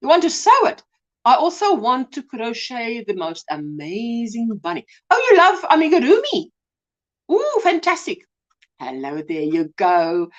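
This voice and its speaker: With a voice on the high side and the highs cut off in the recording, this South African English speaker chats casually on her crochet livestream. She reads comments, greets viewers by name, and calls them sweetheart.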